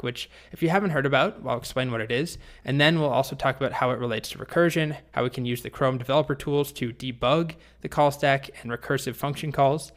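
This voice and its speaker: A man teaching programming, telling a story and explaining in a relaxed, chatty way with small restarts. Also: mid-range voice. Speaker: programming instructor. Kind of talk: storytelling lesson narration.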